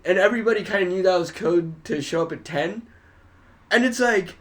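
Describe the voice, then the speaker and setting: A man, a comedian guest, telling animated, profane stories in a casual studio podcast chat. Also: high voice, moderate pace. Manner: animated storyteller, swears often.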